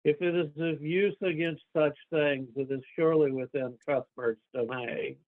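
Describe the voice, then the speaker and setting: A man voicing a friendly, persuasive male bard in a measured way. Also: a little high, steady tone, natural voice. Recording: dry, phone-like call line.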